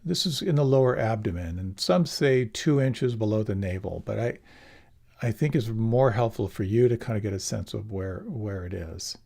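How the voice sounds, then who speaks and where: A middle-aged man gives a dharma talk in a low voice with a gravelly edge. He speaks gently and without hurry. He often circles back and restarts a phrase. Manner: gentle, unhurried, with many restarts. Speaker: meditation teacher.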